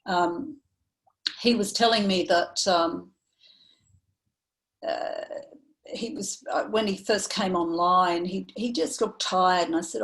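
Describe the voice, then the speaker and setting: A woman therapist speaking in an online training session, telling a client story in a measured, reflective way with frequent ums and uhs. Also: on the low side, creaky, a bit bright, low-quality recording. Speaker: somatic therapist presenting to professionals.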